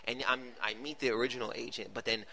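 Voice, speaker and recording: Male comic guest, loose rambling storyteller, bright voice. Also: mid-range voice, fairly even intonation, fast, gravelly. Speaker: stand-up comedian guest. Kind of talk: casual podcast chat.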